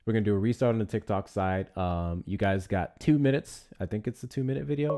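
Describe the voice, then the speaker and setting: A man with a deep voice hosts a casual livestream and talks straight to his viewers. He rambles loosely, drops swear words, and moves from one thought to the next without much plan. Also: a little fast, hardly any pauses, loud music behind the voice. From United States. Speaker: livestream host.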